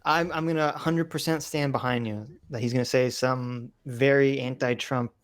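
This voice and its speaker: A man's voice: medium pitch, fairly even intonation, normal speed. A man co-hosting a casual livestream chat, joking, laughing often and reading out viewer messages. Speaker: livestream co-host reading donations.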